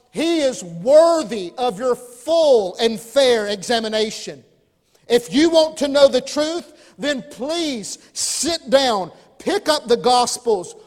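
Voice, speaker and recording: Pastor, male, very high voice, dynamic delivery swinging loud to hushed, long reverb of a big hall. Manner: preaching with sudden swings between loud emphasis and quiet asides. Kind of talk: sermon.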